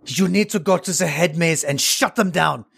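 A man's voice: a little high, moderate pace, creaky, a bit bright, husky, heavily acted. A man putting on a flamboyant male boss with a put-on French accent, effusive and insistent.

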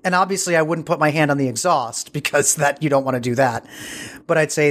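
A man's voice: a little high, steady tone, a little fast, a bit bright. A man as an interview guest, telling a story casually and digressively, searching for words as he goes.

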